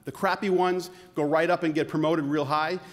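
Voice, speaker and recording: A man with a fairly high voice delivers a sarcastic, punchy keynote to a conference audience. His voice rings out with a long reverb through a large hall. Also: fairly even intonation, moderate pace. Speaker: keynote speaker, physician. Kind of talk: comedic keynote talk.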